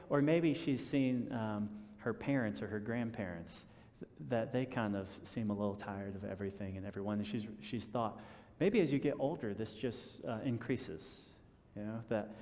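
A man preaching a sermon in a relaxed conversational way, chuckling at his own stories and often restarting his sentences. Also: medium pitch, big-room sound. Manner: conversational, self-deprecating with chuckles and repeated restarts. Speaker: pastor.

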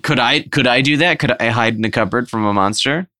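A man co-hosting a comedy podcast, riffing an improvised pitch in a rambling, filler-heavy way. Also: a little fast, sharp tone, no echo, clean studio sound. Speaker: podcast co-host.

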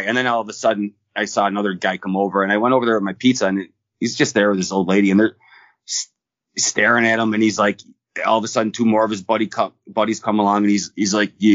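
Casual podcast co-host, male, rapid profane storyteller, slightly low voice, dull dry recording. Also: no echo. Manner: fast, profane, rambling with restarts.

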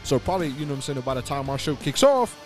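A man's voice: medium pitch, very animated, very fast, faint music behind. A man hosting a sports talk radio show, blunt and opinionated, leaning on filler phrases as he rants.

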